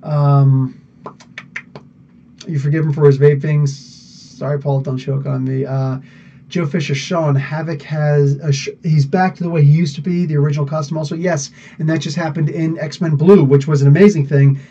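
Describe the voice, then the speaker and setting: A man's voice: fairly high pitch, little pitch movement, moderate pace, warm tone, far from the mic, dull audio, a little hiss or hum. A man hosting a live podcast, chatting loosely, laughing often and using many fillers. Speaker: podcast host answering live chat. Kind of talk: casual live-stream chat.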